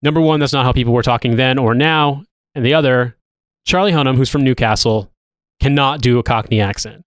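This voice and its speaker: A man co-hosting a podcast, rambling through a recap with lots of restarts and casual swearing. His voice is smooth and resonant. It is recorded dry and close to the mic. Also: mid-range voice, fairly quick, dry recording. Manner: rambling, profane, with filler-heavy restarts. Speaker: podcast co-host. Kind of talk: casual chat.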